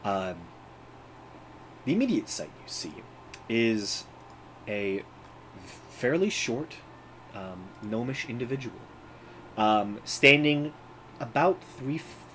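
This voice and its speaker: A man narrating a tabletop game as game master, pausing often with ums and uhs. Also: medium pitch, expressive, a bit bright, a little hiss or hum, low-quality recording. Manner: halting, many ums and uhs.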